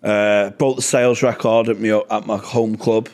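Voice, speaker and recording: A young man, a stand-up comedian chatting on a podcast. He tells stories bluntly, swears a lot and gets animated. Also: fairly low pitch, normal speed, gravelly. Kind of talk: casual podcast chat.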